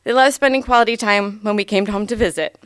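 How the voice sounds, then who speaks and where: A woman in her thirties reading a eulogy for her grandfather aloud, heartfelt and gently humorous. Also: mid-range voice, steady tone, quick pace, clean tone, no echo.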